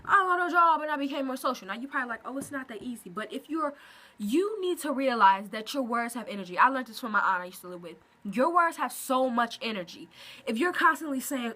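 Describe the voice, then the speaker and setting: A woman talking casually to camera at home in a vlog, expressive and animated with quick asides. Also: high voice. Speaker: vlogger. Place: at home, indoors.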